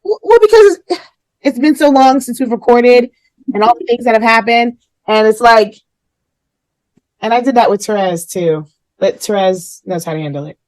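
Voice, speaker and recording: Podcast host, woman, a little high-pitched, candid and emotional storyteller, dry close sound. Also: animated, moderate pace, long pauses, a little mellow, dry recording, poor audio. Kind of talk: casual conversation.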